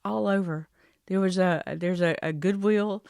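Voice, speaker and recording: A woman's voice: medium pitch, steady tone, measured pace, gravelly, a little mellow, no room sound. Lady vlogging, rambly and fed up, talks right into a dry close mic. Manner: chatty, exasperated, rambling with asides and laughs. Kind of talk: casual rant to camera.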